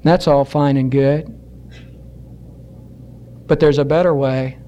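A male pastor preaching a sermon to his congregation in an earnest, exhorting way, slowing down for emphasis. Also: medium pitch, steady tone, mellow, lo-fi sound, slight background noise. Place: church.

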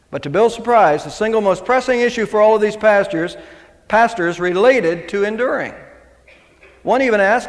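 A man's voice: fairly high pitch, long reverb tail. A middle-aged male pastor preaching a sermon in a conversational way, with asides and restarts.

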